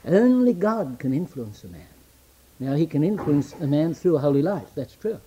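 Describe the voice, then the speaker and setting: A man preaching a sermon, swinging between loud declamation and hushed near-whisper, quoting scripture in old-fashioned wording. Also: on the high side, big pitch swings, moderate pace, highs cut off, a little hiss or hum.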